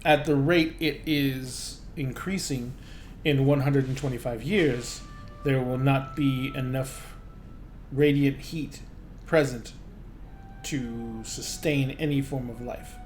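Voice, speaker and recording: A man voicing an older male gnome scholar who speaks slowly and cautiously. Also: mid-range voice, steady tone, a little mellow, soft background music, close to an everyday voice. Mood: grave.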